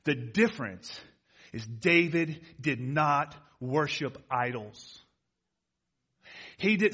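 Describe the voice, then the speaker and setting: A middle-aged man preaching a sermon as pastor, swinging from hushed moments to loud ones and quizzing the congregation with questions. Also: fairly high pitch, expressive, slow, pauses often, breathy edge.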